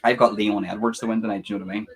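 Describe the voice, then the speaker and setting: Chatty man with a lowish voice. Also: level tone, very fast. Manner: chatty and rambling, frequent fillers, swears casually. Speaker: live fight reaction host. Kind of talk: casual live-stream commentary.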